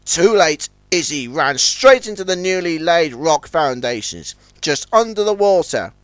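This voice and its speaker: A man's voice: a little high, very animated, a little slow, dry recording. A man reading a children's story aloud as narrator, switching between character voices.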